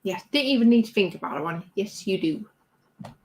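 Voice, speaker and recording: A woman's voice: medium pitch, lively intonation, moderate pace, a little mellow. A British woman hosting a casual livestream at her home craft bench, reading out viewer comments in a chatty, rambling way with easy laughter. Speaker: livestream host.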